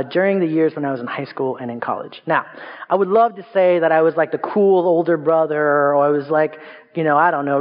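A young adult male pastor preaching a sermon, telling stories in a lively way and pushing his voice higher for emphasis. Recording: dull sound with long reverb.

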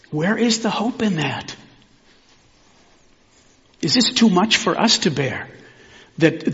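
Reflective pastor preaching in a reverberant church. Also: male voice, on the high side, a bit bright. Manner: measured and reflective, with pauses. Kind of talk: sermon. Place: church sanctuary. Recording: long hall reverb, dull sound.

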